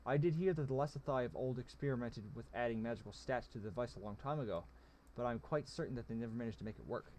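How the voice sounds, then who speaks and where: Shrewd male goblin general, read by a man, measured and calculating, storybook read-aloud. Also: medium pitch, a little mellow, a little hiss or hum, close to an everyday voice. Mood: scheming.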